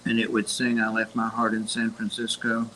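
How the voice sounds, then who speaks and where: Older man rambling with a flat voice. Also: on the low side, normal speed, slight background noise, poor audio. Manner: rambling, reminiscing storyteller. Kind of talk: casual chat.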